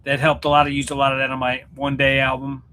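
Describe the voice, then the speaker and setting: A man's voice: mid-range voice, monotone, fast talker, sharp tone, slight background noise. A man hosting a casual livestream for his channel, chatting in a rambling, jokey way and often stopping to restart his sentences. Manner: rambling, self-interrupting, joking. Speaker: YouTube channel host and musician. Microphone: computer setup at home.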